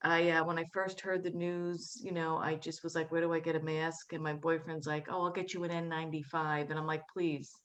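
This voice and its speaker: A woman from Staten Island, New York, performs a stand-up set in a chatty style. She tosses in quick asides and does flat, low-voiced impressions of her relatives.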